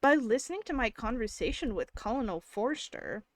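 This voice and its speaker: A woman reading aloud plays a quick-witted young lady who teases with an arch, spirited edge, her voice pitched high and bright. She drawls her lines in a put-on Southern US accent. The sound is close and dry. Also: expressive, dry recording. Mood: teasing.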